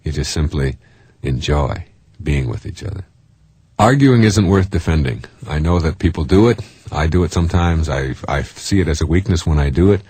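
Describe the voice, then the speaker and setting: A middle-aged man giving a self-help talk in a lively way, often mimicking other people's voices and chuckling at his own jokes. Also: extremely low pitch, a little fast, husky, no echo. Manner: animated, jumps into mimicking voices; chuckles while telling jokes. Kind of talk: motivational talk.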